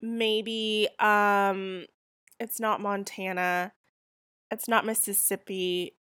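A woman's voice: medium pitch, level tone, drawn-out words, a bit bright, smooth, no room sound, clean studio sound. A young woman with a Southern California accent, hosting a casual solo podcast, rambling and chatty with lots of fillers while getting over a cold. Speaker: podcast host.

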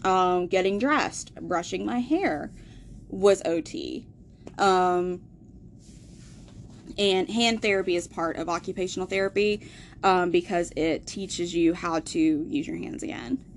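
A young adult woman hosts a podcast, speaking slowly in a lowish voice over slight background noise. She candidly and casually tells a hard personal story, swearing often and laughing through its grimmest parts.

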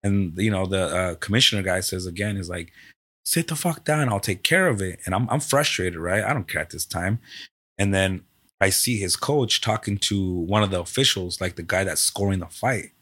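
A man's voice: deep voice, normal speed. A man who owns a Muay Thai gym and coaches fighters, chatting casually on a podcast, telling stories with swearing and acted-out quotes. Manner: animated storytelling, acts out quoted exchanges, swears freely.

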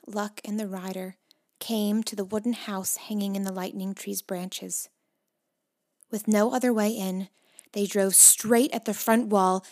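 A woman narrating a children's storybook, moving between hushed whispers and excited, louder passages. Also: mid-range voice. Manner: expressive, shifts between hushed whispers and loud excited calls.

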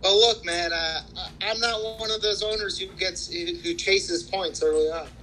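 A man chatting casually about his fantasy league, boastful and halting, with lots of restarts. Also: high voice, steady tone, bright, forceful tone, slight background noise, low-quality recording.

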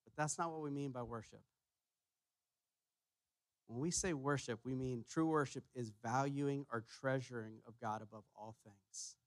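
A man preaching a sermon as pastor, emphatic, repeating his key phrases and pushing louder on each point. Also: mid-range voice, normal speed, dry recording. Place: church sanctuary.

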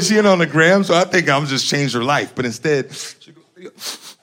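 A man from Northern California doing profane, animated stand-up comedy and laughing at his own lines. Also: a little high, unhurried, some chatter behind.

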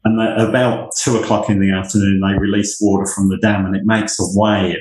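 A man from the United Kingdom, a university leader, telling lively anecdotes in conversation. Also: lowish voice, a little fast, echoey room, poor audio. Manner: animated anecdotes, acts out quoted voices. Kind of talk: storytelling in conversation.

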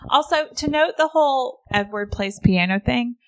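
A woman's voice: fairly high pitch, animated, normal speed. A woman co-hosting a casual book discussion, chatty and now and then acting out characters' lines. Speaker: podcast co-host.

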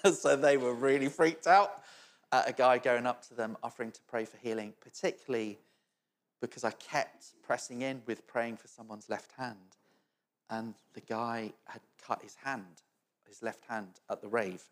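A man's voice: medium pitch, measured pace, roomy sound. A middle-aged man preaching a storytelling sermon, chatty and self-mocking and often laughing. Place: church hall.

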